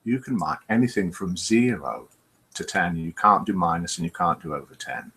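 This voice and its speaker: Lively, bright-voiced male show host. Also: low-pitched, normal speed, breathy edge. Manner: chatty, reads out scores and names. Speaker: host of a live online show. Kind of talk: casual live-stream hosting.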